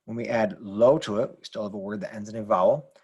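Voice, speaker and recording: A man explaining Spanish grammar rules over slides in a relaxed way, repeating points with fillers. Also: lowish voice, fast, husky, muffled recording. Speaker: Spanish teacher.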